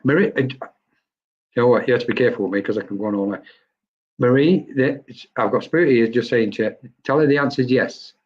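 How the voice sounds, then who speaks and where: A man's voice: mid-range voice, quick pace. Chatty man, lo-fi stream. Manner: chatty, addresses viewers by name, quotes spirits. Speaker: medium. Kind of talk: live stream spirit readings. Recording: dull lo-fi stream audio.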